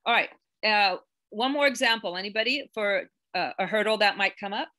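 Bright-voiced woman agent running an online class, earnest, lots of um and uh, gets a bit emotional. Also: mid-range voice, brisk. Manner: earnest, chatty, many fillers and restarts; gets emotional, close to tears. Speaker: real estate agent teaching a class.

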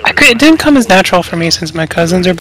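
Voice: medium pitch, lively intonation, rapid-fire, a bit bright, soft background music, rough recording. A gamer in casual voice chat, playful and teasing.

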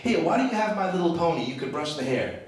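A man's voice: on the high side, big pitch swings, fast talker, background noise. Man doing a pleading little girl. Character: little girl pleading over her toy. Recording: echoey hall from far off.

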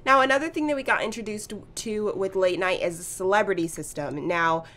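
A woman hosting a casual let's-play, chatting excitedly and reacting out loud to the game. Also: medium pitch, brisk. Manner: chatty, excitable, gasps and laughs at the action. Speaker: gaming channel host.

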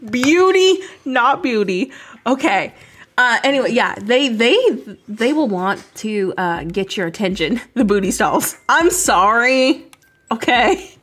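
A woman's voice: on the high side, animated, measured pace, fairly bright tone, husky. A young woman from the United States, chatting casually and laughing while streaming a video game. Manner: chatty, laughing, rambling with fillers.

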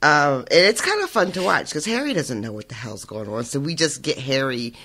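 A man's voice: on the high side, sing-song, a little fast, sharp tone. A man co-hosting a podcast, summarizing book chapters in a rambling way, with frequent laughter and fillers. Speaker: podcast co-host. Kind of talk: casual book discussion chat.

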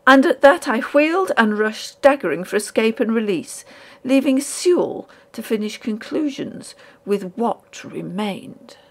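Woman, audiobook narrator, ghost story, measured and dramatic, fairly high voice, gravelly texture. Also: animated.

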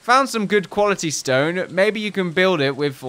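A man's voice: high-pitched, expressive, normal speed, pushed and bright. A man hosting a let's play, giving casual gameplay commentary with rambling, jokey asides and reading game text aloud.

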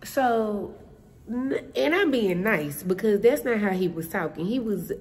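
A woman's voice: medium pitch, lively intonation, measured pace, a little mellow. A woman vlogging casually from her job as a concierge, talking straight to her viewers and laughing often. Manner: chatty, addresses viewers as y'all, laughs often. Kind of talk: casual storytelling vlog. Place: indoors at her workplace.

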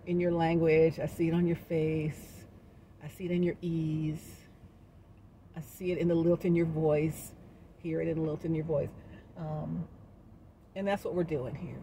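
A woman's voice: low voice, mellow, slight background noise. A woman giving a casual, encouraging motivational talk to her viewers as a wellness vlogger. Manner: upbeat, encouraging, sings snippets and laughs.

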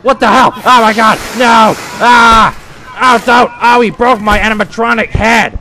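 A man's voice: very high voice, steady tone, a little slow, bright, forceful tone, slight background noise, exaggerated voice, poor audio. A man voicing a panicked male animatronic in a cartoon, screaming and frantic. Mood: terrified.

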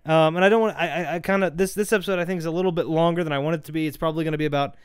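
A man giving casual let's-play commentary over a game, rambling, joking and getting excited as he plays. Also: a little high, rapid-fire, clear, resonant tone, no room sound, clean studio sound. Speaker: gameplay commentator.

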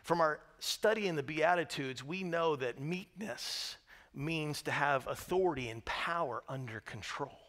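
A man preaching a sermon as pastor, swinging from hushed, quiet words to loud, shouted storytelling. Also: fairly high pitch, a little slow. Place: church sanctuary. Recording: reverberant church hall.

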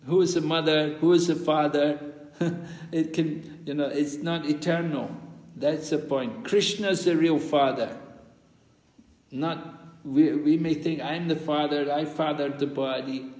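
A man's voice: fairly high pitch, fairly even intonation, slow, long pauses, a little mellow. A man teaching a scripture study class, explaining patiently, repeating key points and asking rhetorical questions. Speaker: spiritual teacher giving a course class. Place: large hall at a pilgrimage site in India. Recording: reverberant hall sound.

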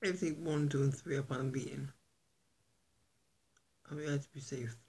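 A man vlogging to his viewers in an earnest, halting, soft-spoken way, with a gravelly, husky voice. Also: mid-range voice, fairly even intonation. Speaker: YouTuber. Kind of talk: casual vlog to camera.

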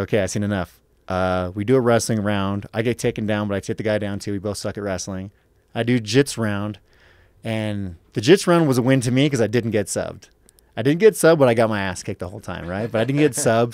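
A man's voice: on the low side, a little mellow, no room sound. A man in his thirties, an MMA fighter on a podcast, telling a story casually with lots of swearing and acted-out quotes.

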